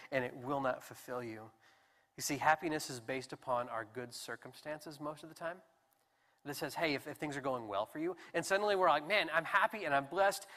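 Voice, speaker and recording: Male pastor, young adult, bright voice, lively conversational sermon, long church reverb. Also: on the high side. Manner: animated, conversational preaching with restarts. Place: church sanctuary.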